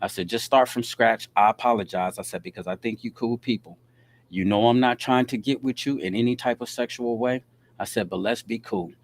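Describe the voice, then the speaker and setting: A man hosting his own podcast, telling a story in a casual, animated way and reading out text messages. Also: mid-range voice, a little fast. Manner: animated, reads out text messages, frequent "you dig what I'm saying". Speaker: podcast host.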